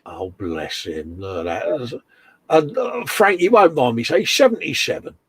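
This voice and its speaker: A man's voice: medium pitch, big pitch swings, normal speed, breathy edge. Chummy British man hosting a hobby livestream. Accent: British English. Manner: chummy and matey, calls everyone mate. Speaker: host of a model-building livestream. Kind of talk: casual chat, reading out viewer comments. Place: home workshop bench.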